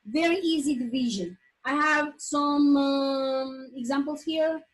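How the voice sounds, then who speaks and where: A woman with a high voice teaches an online English class. She explains step by step, repeating words and pausing on fillers. She is heard through a computer mic on a video call. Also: low-quality recording.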